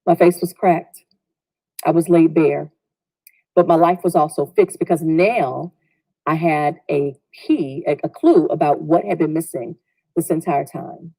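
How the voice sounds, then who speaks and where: A woman's voice: low-pitched, unhurried, dark tone, no echo, low-quality recording. A woman telling a personal story in a reflective way, sometimes acting out what others said. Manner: reflective, acts out quoted voices.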